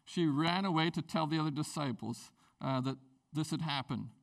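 A pastor with a high-pitched, creaky voice preaches a sermon at a normal pace, keeping it relaxed and conversational. He tells personal stories, his voice swinging from hushed to loud in lively shifts of pitch and volume, and it rises sharply when he drives a point home.

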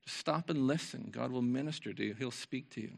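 A man preaching an informal, earnest sermon to his church, reading scripture and moving between lively talk and soft, quiet passages. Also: mid-range voice, a little fast, creaky. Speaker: pastor. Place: church service.

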